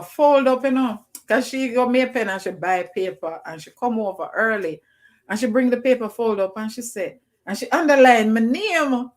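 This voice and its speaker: Lively Jamaican woman telling a story. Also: fairly high pitch. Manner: animated storyteller slipping into Jamaican Creole. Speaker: guest teacher. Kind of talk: storytelling on a livestream.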